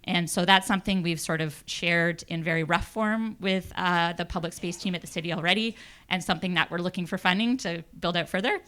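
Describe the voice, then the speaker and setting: A woman's voice: on the low side, a little fast, pushed and bright. A woman presenting a youth project's findings to a city, thoughtful with many fillers. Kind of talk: public presentation.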